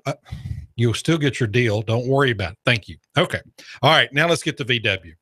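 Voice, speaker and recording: Rambling radio host, mid pitch, dry studio voice, sardonic. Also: male voice, pushed and bright, breathy edge, no room sound. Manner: sarcastic, rambling, joking asides. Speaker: radio talk show host. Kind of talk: talk radio monologue.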